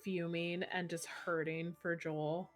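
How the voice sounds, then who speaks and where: Chatty woman player, lowish voice. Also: level tone, slow, faint music behind. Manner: chatty, many "like"s. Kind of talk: casual chat.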